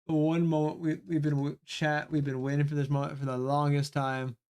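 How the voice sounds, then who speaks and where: A man streaming live, reacting to a story game in an excitable, swearing, laughing way. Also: on the high side, moderate pace, smooth.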